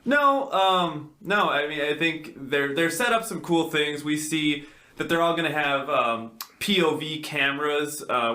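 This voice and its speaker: A man co-hosting a podcast, chatting casually about a film and joking around. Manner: jokey, bursts into loud high-pitched impressions. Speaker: podcast co-host. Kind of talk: casual movie discussion. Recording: roomy echo.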